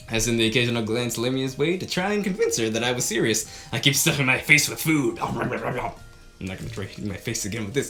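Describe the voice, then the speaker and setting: A woman reading a visual novel aloud, with theatrical commentary and sudden laughing shouts. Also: a bass voice, expressive, quick pace, faint music behind. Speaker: game streamer.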